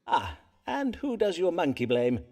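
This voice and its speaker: An actor voicing a pompous Elizabethan astrologer-physician in a narrative game, speaking in florid archaic phrasing. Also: male voice, fairly high pitch, wildly swooping pitch, a little slow, darkish tone, exaggerated voice. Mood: playful. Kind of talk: voiced game dialogue in Elizabethan English.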